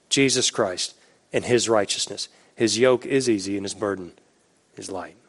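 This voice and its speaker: A young man preaching a sermon as pastor, animated and joking, turning slow and hushed when he prays. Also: on the low side, slightly rough.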